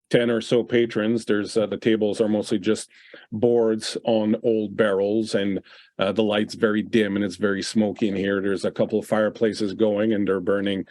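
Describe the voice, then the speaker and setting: A male game master narrating a tabletop role-playing game, painting each scene in easy description with many uhs along the way. His voice is on the low side and recorded close and dry. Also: little pitch movement, moderate pace, a little mellow, dry recording.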